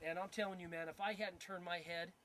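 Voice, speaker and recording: A man telling an accident story in casual chat, animated and swearing often, repeating himself as he goes. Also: high voice, fairly quick. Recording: heavy background noise.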